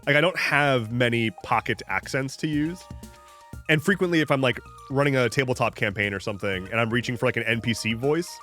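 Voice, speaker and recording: Over soft background music, a man with a medium-pitched, sharp-toned voice speaks a little fast as he streams a farming game. His live chat is casual and jokey, wandering between tangents with frequent restarts and an occasional swear word aimed at his viewers.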